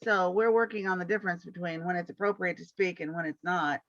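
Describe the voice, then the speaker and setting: Bright dry voice on lo-fi call. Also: medium pitch, fairly even intonation, fast talker, no echo. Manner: conversational, explaining with small restarts. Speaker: puppy raiser in training class.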